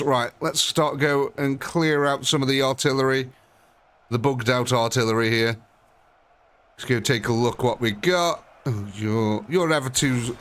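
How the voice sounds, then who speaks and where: A man streaming live gameplay, voice sitting at an ordinary middle pitch. He thinks aloud in a chatty way and talks directly to the units on screen as he sorts them out. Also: fairly bright tone. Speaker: gaming streamer.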